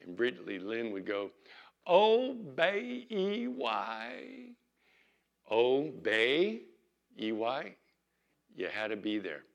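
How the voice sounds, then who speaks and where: An older man, a pastor, preaching an earnest sermon and slowing down to read scripture aloud. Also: lowish voice, expressive, vocal fry, dull audio.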